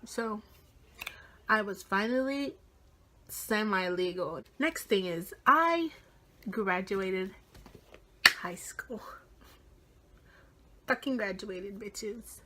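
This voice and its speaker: Young woman vlogger, 18, excited storytelling with heavy swearing and whispered asides. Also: mid-range voice, slow, slight background noise. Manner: animated, swears a lot, drops into whispers. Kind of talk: casual storytime vlog.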